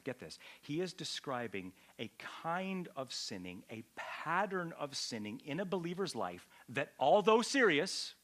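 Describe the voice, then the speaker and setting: Emphatic male pastor, bright voice. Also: mid-range voice. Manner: emphatic, rises to loud peaks on key points; addresses listeners directly with questions. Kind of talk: sermon teaching.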